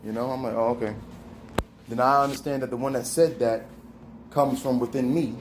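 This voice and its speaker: A man's voice: medium pitch, steady tone, a little fast, noisy background. A man hosting a casual spiritual monologue, talking in a slangy, conversational street style. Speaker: host.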